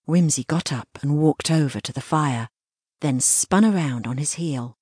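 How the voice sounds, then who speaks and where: A woman narrates a children's audiobook in a measured, storytelling way. Her voice is low and slightly husky. The recording is close and dry. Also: darkish tone, no echo.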